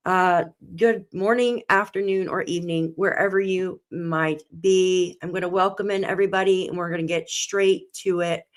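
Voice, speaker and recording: A woman's voice: fairly low pitch, fairly even intonation, normal speed, few pauses. A woman hosting a live true crime stream, greeting viewers by name and reading a news article aloud while close to tears. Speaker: true crime channel host.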